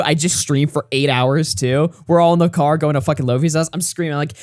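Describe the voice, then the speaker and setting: A young man hosting a stream, telling stories in a casual, profane way and breaking into shouting now and then. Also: fairly high pitch, steady tone, fairly quick, few pauses, no echo, clean studio sound. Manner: loud, profane storytelling that bursts into shouting. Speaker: streamer host.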